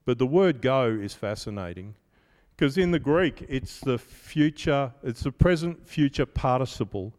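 A man's voice: medium pitch, animated, measured pace, a little mellow. Guy preaching a casual, chatty sermon, jokes at himself, big hall echo. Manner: conversational, self-deprecating storytelling. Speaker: pastor.

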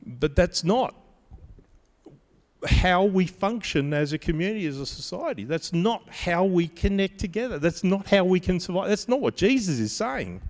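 A man's voice: high voice, a little mellow, big-room sound. A middle-aged man preaching a sermon, telling stories in a conversational way with humorous asides. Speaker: pastor.

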